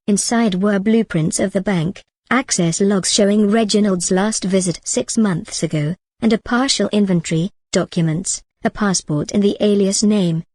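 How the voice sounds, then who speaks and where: A woman's voice: mid-range voice, a little mellow, no room sound. Woman narrating a dramatic story, dry sound. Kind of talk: scripted narration.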